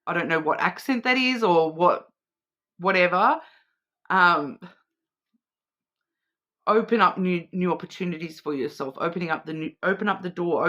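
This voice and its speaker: A woman's voice: lowish voice, a bit bright. A woman giving a casual, rambling intuitive card reading, often repeating and restarting her words. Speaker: tarot and oracle card reader.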